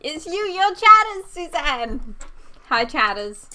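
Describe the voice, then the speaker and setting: A woman's voice: high voice, very animated, takes it slowly, sharp tone. A young woman streaming live, chatting casually to her chat and repeating silly noises in a goofy, playful way.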